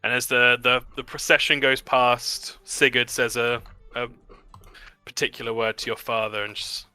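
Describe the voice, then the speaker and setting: A man's voice: mid-range voice, little pitch movement, normal speed, pushed and bright, smooth, dry recording, soft background music. A man narrating a tabletop game as game master, telling the story loosely with many fillers.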